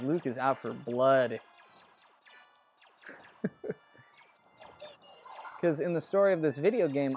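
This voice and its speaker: A man's voice: medium pitch, darkish tone. A man hosting a let's play, chatting casually and rambling about movies while he plays, and cursing under his breath when the game goes wrong. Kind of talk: casual gameplay commentary.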